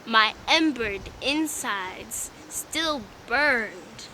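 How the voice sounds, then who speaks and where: A woman's voice: a little high, animated, drawn-out words, bright, forceful tone, a little hiss or hum, low-quality recording. A woman from Tampa with a Southern accent performing spoken word poetry in a rhythmic, emphatic way, then chatting about her start. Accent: Southern US, Tampa Florida. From Tampa, Florida. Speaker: poet.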